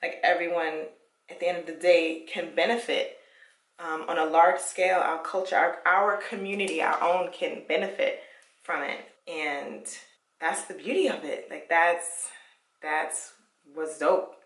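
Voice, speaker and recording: A woman's voice: fairly low pitch, steady tone, a little slow, fairly bright tone, reverberant, distant mic. A young woman chatting casually at home while taking out her hair, encouraging and laughing often. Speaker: vlogger. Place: her parents' home, indoors.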